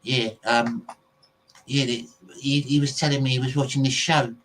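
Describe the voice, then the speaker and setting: A man's voice: mid-range voice, little pitch movement, normal speed, fairly bright tone, a little hiss or hum, low-quality recording. Rambling English man chatting casually. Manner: rambling, goes off on tangents, many fillers. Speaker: podcast host. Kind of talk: casual chat to viewers.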